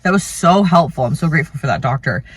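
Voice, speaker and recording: A woman's voice: deep voice, animated, quick pace, breathy edge, dry recording. A woman in her thirties casually telling a personal story, chatty and rambling, full of "like" and "you know.". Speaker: vlogger, mother telling a birth story.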